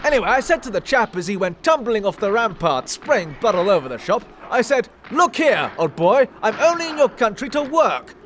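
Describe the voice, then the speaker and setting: An actor with an upper-class English accent playing a pompous, blustering British army officer in a comedy sketch. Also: male voice, high voice, sing-song, a little fast, hardly any pauses, fairly bright tone, slight background noise.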